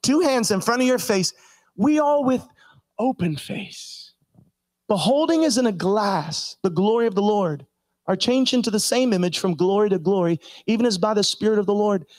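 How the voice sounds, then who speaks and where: A man delivers a sermon in a strikingly high voice. He calls out to the congregation for responses and climbs into impassioned, shouted preaching. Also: moderate pace, no room sound.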